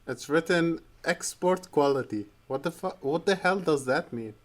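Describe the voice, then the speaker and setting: A man joining a gaming podcast remotely, playful and animated in casual talk. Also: fairly high pitch, normal speed, over a noisy crowd. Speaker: podcast co-host.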